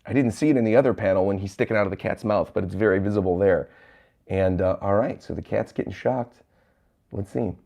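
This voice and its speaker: A man with a fairly low voice reacts to a new manga chapter on a livestream from a hotel room. He reads the panels aloud and chuckles often as he goes. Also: fairly quick, creaky, dark tone.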